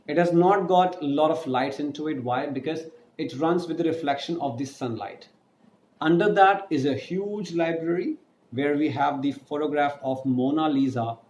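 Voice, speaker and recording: A man's voice: mid-range voice, a little mellow, slight background noise. A man teaching an online French lesson, spelling words letter by letter and drawing out each pronunciation. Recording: echoey room with faint ambience.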